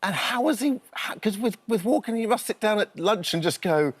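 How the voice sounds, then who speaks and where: A man's voice: high voice, expressive, moderate pace. A man hosting a talk show, asking breezy, rambling questions in casual chat.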